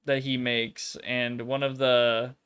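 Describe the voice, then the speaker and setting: A man's voice: medium pitch, little pitch movement, takes it slowly, fairly bright tone, clean tone. A man streaming from home, chatting casually in a rambling, profane way. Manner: rambling, swears a lot, mock-dramatic reading. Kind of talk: casual chat.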